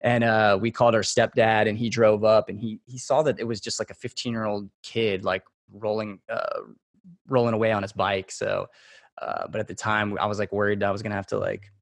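A man from Texas, a podcast guest, telling a relaxed, rambling story full of fillers and restarts. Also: lowish voice, fairly quick, vocal fry, no room sound. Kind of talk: casual storytelling in a podcast interview.

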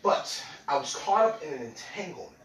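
A man playing a young male student giving slow, mock-serious excuses to his teacher. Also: fairly high pitch, very animated, distant mic, voice pushed down. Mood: solemn. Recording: roomy, away from mic.

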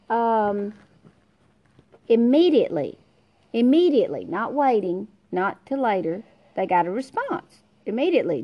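A woman's voice: a little high, a little mellow. Middle-aged woman leading an informal Bible study. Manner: conversational, searches aloud for verses, reads scripture aloud.

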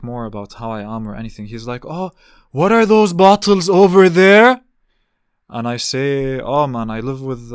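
A man's voice: fairly low pitch, clear, resonant tone, dry recording, studio quality. A young man telling a long story about a family phone call in a casual, frustrated rant, swearing often and restarting his sentences. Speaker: vlogger recounting a family call. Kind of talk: casual ranting monologue.

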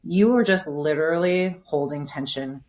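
A woman physical therapist and coach, talking through her thinking in a relaxed podcast interview, filling her speech with "like.". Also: low-pitched, normal speed. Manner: thoughtful, explanatory, frequent "like" fillers.

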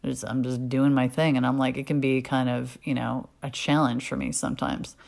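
A woman's voice: rumbling low, level tone, normal speed, vocal fry, darkish tone. A middle-aged woman speaking frankly and casually about her own life, swearing freely, full of fillers and restarts. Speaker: podcast host. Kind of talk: candid personal monologue.

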